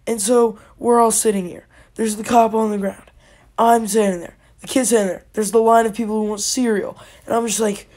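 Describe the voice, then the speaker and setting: A woman telling a rambling comic story, animated and breathless, with many repeated words, sudden drops to a whisper and siren noises. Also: medium pitch, normal speed. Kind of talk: comedic improvised story time.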